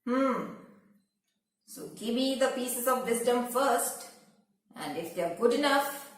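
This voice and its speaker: Woman putting on a greedy rich man, pompous, slow storybook voice, echoey room. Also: a little high, animated, recorded from a distance. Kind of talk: storybook reading.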